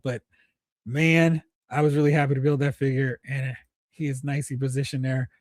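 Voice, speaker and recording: A man's voice: fairly high pitch, a little mellow, dry recording, clean studio sound. A man hosting a toy collecting livestream, chatting casually and enthusiastically with viewers as he goes through their photos. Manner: enthusiastic, rambling, talks to chat viewers. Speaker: toy collecting show host.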